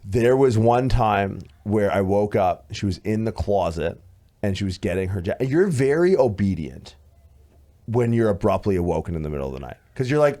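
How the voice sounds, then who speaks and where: A man in his thirties co-hosting a podcast, telling a story in casual chat, animated and swearing, acting out what others said. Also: fairly low pitch, normal speed. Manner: animated, swearing, acts out quoted voices loudly. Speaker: podcast co-host.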